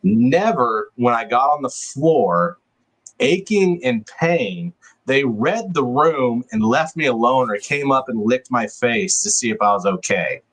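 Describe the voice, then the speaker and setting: A man hosting a live stream, chatting casually about a trailer and reading viewer comments aloud in a relaxed, opinionated way. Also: mid-range voice, a little slow, poor audio. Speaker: host.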